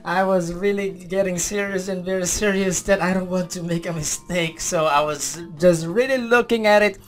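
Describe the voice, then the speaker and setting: A man from the Philippines doing gameplay commentary, excitable, talking to himself and his viewers and calling out answers as he plays. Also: high-pitched, moderate pace. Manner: excitable, talks to himself and the audience, counts answers aloud. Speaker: gaming YouTuber.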